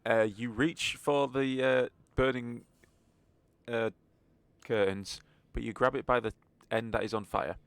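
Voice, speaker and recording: A man's voice: mid-range voice, fairly even intonation, unhurried, fairly bright tone, clear, resonant tone, dry recording. A man narrating a tabletop game as game master, in a wry, joking manner.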